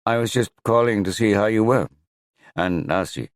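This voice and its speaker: A man's voice: fairly low pitch, moderate pace, no echo, clean studio sound, pitched above the performer's own voice, lightly acted. A man voicing a troubled father who pleads insistently to see his son, in an audiobook. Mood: pleading.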